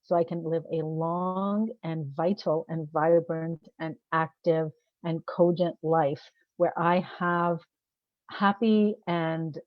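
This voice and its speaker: Woman coach, lowish voice, chatty to-camera vlog, asks listeners direct questions, dull dry sound. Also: steady tone, slow, no echo. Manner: conversational, asks rhetorical questions; laughs at herself. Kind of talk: casual to-camera talk.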